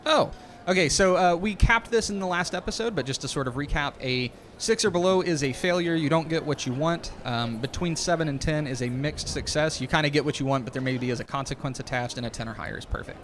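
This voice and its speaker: A man's voice: fairly high pitch, fast talker, hardly any pauses, a bit bright, a little hiss or hum. A man narrating a tabletop game as game master, in a casual, filler-heavy way.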